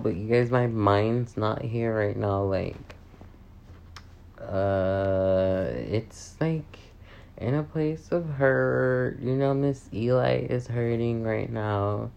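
A young woman talks straight to her viewers in a loose, confessional vlog. She speaks slowly and rambles, swears freely and pokes fun at herself. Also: extremely low pitch, gravelly, darkish tone, clean tone, highs cut off. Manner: rambling, swears often, self-mocking. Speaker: vlogger. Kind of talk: casual confessional vlog chat.

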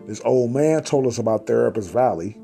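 A man's voice: medium pitch, animated, a little fast, creaky, dark tone, soft background music. A man doing a nervous lost tourist. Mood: explaining. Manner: hesitant, stammering.

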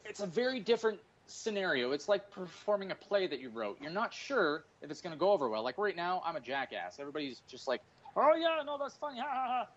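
A man's voice: a little high, a bit bright, dull audio. A man in his forties, a stand-up comedian, chatting casually on a podcast, rambling and swearing through jokey stories. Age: 40s. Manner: profane, rambling, jokey storytelling.

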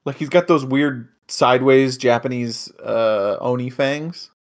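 An excitable man co-hosting a casual talk show, walking through episodes scene by scene. He jokes around and swears now and then. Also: medium pitch, measured pace. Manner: excitable, swears, jokey asides. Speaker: podcast co-host. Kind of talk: casual chat recapping an anime.

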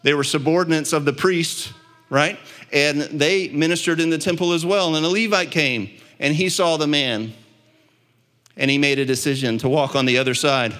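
A man preaching a sermon as pastor, building to impassioned peaks and dropping to quiet, low stretches. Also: moderate pace. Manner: impassioned preaching, swelling louder and higher at peaks.

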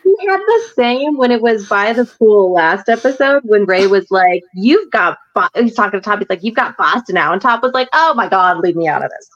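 Animated woman on a muffled podcast line. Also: mid-range voice, normal speed, hardly any pauses. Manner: animated retelling, acts out quotes. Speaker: podcast co-host. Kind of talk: casual chat about a TV series.

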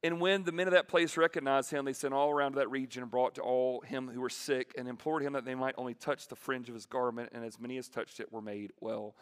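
A male preacher giving a sermon to students in a large hall, animated and joking as he acts out the scripture. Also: mid-range voice, fast, hardly any pauses, clean tone.

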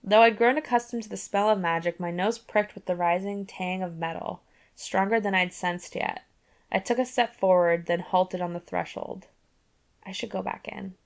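A woman's voice: medium pitch, moderate pace, vocal fry. Casual woman recapping a book aloud. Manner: reads aloud, then recaps casually with laughs and "like". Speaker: podcast host. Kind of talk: book club reading and recap.

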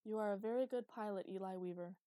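A woman reading the part of a shy, polite young female space-station AI who talks quietly and formally. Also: mid-range voice, fast talker, no room sound, studio quality, close to an everyday voice.

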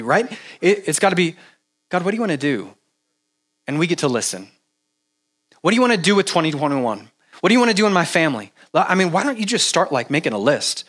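A man preaching a casual sermon, halting with restarts and fillers, animated when he mimics repetitive prayer. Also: high voice. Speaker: pastor.

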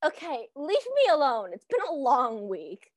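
Lively young woman, dry close voice. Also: sits high, measured pace, dry recording. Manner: joking, chaotic, frequent laughter. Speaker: podcast co-host. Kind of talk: casual chat.

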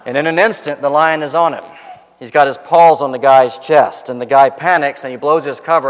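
A man's voice: mid-range voice, a little fast, big-room sound. A man preaching a sermon in a church, telling stories and driving home points by repeating key lines. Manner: storytelling, emphatic repetition, rises on punchlines. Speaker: pastor. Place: church sanctuary.

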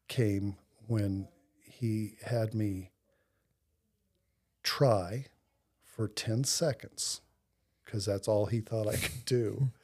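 A man being interviewed as a podcast guest, telling a personal faith story in an earnest, reflective way with slow pauses. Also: fairly low pitch, breathy edge. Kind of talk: personal faith testimony in conversation.

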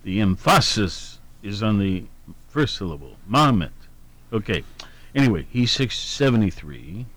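This radio host has a lowish, somewhat bright voice with a sing-song lilt and normal speed. Chatting casually on air, he rambles through the day's birthdays and anniversaries, humming fillers and correcting himself as he goes.

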